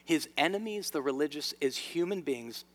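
A man preaching a sermon to his church, swinging between loud emphasis and hushed lines. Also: a little high, expressive, normal speed. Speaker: pastor. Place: church sanctuary. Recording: long reverb of a large hall.

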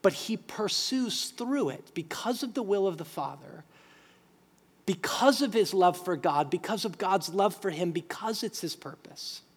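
Guy preaching a sermon, really animated, echoey church hall. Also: sits high, measured pace, slightly rough. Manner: animated, emphatic preaching with acted quotes. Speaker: pastor. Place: church sanctuary. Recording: long hall reverb.

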